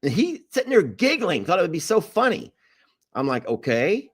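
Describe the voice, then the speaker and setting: A man's voice: high-pitched, huge pitch swings, fairly quick, slightly rough. A man casually telling a family story to his live viewers, acting out quotes and apologizing with a laugh.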